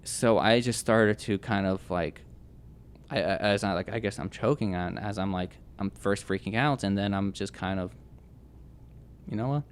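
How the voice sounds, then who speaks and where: A young man telling his personal testimony as a podcast guest, earnest and halting, with many restarts and fillers. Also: fairly low pitch, slight background noise.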